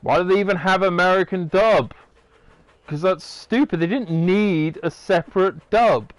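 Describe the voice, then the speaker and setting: Rambling man, lively voice. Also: high-pitched, dry recording. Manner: rambling, swears casually. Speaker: gamer. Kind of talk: casual gameplay commentary.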